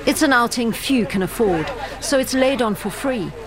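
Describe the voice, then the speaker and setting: A woman narrating a news report in a measured, scripted way. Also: fairly high pitch, expressive. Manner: measured, clear storytelling.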